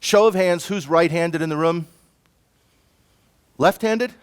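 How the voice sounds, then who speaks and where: A middle-aged man with a fairly high voice gives a conference presentation. He lectures in a lively, conversational way, turning to the audience with asides and quick questions. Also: smooth. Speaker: self-defense instructor. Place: conference room.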